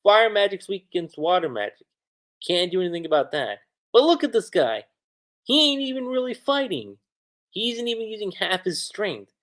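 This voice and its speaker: A man putting on the voice of a fierce, scornful male fire dragon in a casual livestream retelling, with taunting, gruff bravado. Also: sits high, very animated, moderate pace, fairly bright tone, pitched above the performer's own voice.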